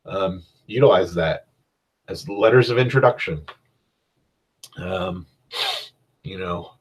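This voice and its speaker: Low-voiced man rambling podcast advice. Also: slow, long pauses, breathy edge. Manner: rambling, conversational advice with frequent restarts. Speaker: podcast host and game master. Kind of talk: casual solo podcast monologue.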